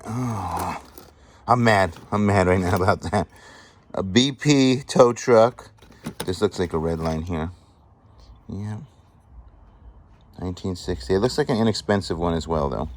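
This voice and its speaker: A man vlogging as he sorts a storage unit find, chatting excitedly and appraising each item aloud. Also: low voice, normal speed, pauses often, slight background noise. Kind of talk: casual show-and-tell commentary.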